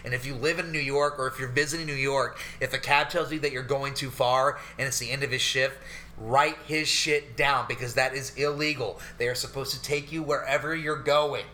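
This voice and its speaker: A man co-hosting a podcast, telling stories in a loose, profane, animated way. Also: mid-range voice, fairly quick, slight background noise. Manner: profane, animated ranting storyteller. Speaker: podcast co-host. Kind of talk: casual chat. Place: New York.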